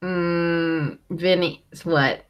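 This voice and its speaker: A woman's voice: on the low side, steady tone, drawn-out words, clean tone. A young woman co-hosting a casual chat, recapping a show with lots of "um" and "like". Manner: chatty, lots of fillers like "um" and "like". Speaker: co-host recapping a reality show.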